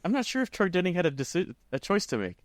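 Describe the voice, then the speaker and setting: A man's voice: sits high, fast, dry recording. Laid-back man chatting on a podcast. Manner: relaxed, rambling, laughs often. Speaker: podcast co-host. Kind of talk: casual roundtable chat.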